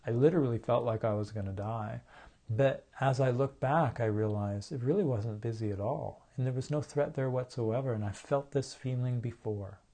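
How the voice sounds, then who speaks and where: A man with a warm, mellow voice tells a personal story. He speaks earnestly and haltingly, stumbling over repeated words and acting out the things people said. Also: medium pitch.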